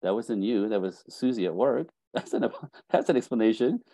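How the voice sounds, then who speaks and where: A guest relationship coach speaks at normal speed and medium pitch during a relaxed interview, animatedly acting out quoted moments in the stories he tells. There's no room sound, though the recording itself is rough.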